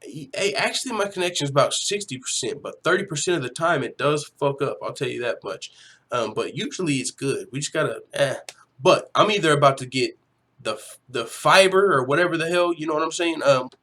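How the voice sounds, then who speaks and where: A man's voice: a little high, animated, a little fast, bright, forceful tone. A young man hosting a casual livestream from home, talking loosely, swearing freely and reading viewers' chat aloud. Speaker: livestream host.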